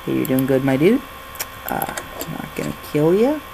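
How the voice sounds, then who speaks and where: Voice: mid-range voice, big pitch swings, moderate pace, vocal fry, background noise. A gaming channel host giving jokey let's-play commentary while reading game documents aloud.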